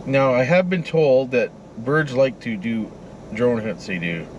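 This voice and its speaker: A man's voice: mid-range voice, measured pace, muffled recording, noisy background. A man chatting casually while flying a drone outdoors by a frozen river, talking to the drone and the birds. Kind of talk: casual running commentary.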